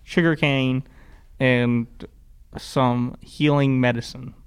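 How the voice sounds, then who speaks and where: A young man with a Texan accent in casual podcast chat, joking in a deadpan way. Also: mid-range voice, slow, clean tone. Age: young adult.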